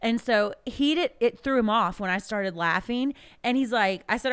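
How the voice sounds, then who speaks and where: A young woman on a podcast, chatting casually and telling animated stories, often laughing. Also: on the high side, normal speed, clean tone. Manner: animated storytelling, laughs a lot. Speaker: podcast guest. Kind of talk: casual chat.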